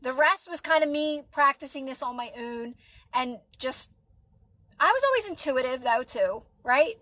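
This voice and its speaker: A woman's voice: high-pitched, expressive, moderate pace, sharp tone, dry recording. A woman with a Philadelphia accent, a mother and manifestation coach chatting on a livestream, reassuring viewers and answering their comments by name. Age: adult.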